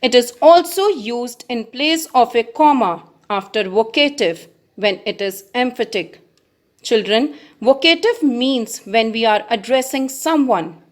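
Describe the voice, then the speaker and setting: A woman teacher with an Indian English accent, explaining grammar slowly to children and stressing the example words. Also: fairly high pitch, lively intonation. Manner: addresses children, reads examples with emphasis. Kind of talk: slow classroom explanation.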